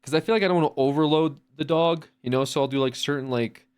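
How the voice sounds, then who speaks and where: A man's voice: on the high side, fast, clean tone. A man streaming from home, chatting casually in a rambling way with lots of restarts and swearing. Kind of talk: casual chat.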